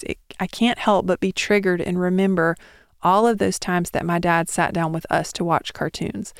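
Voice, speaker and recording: A woman in her thirties talks through her solo podcast in a chatty, encouraging way. Her voice is smooth and clear. The recording is dry and close, with no room sound. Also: fairly low pitch, no echo. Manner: chatty, encouraging, with small laughs. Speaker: podcast host.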